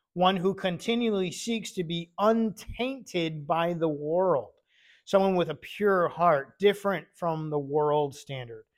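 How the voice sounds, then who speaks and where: A man teaching a casual Bible study, talking conversationally, often pausing on fillers and repeating key words. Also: a little high.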